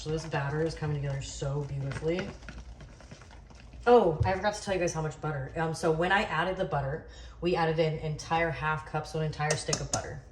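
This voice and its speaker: A woman hosting a casual cooking video in her home kitchen, chatty and joking at her own expense. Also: low-pitched. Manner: chatty, joking, self-deprecating. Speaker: cooking channel host. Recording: echoey kitchen, distant mic, background noise.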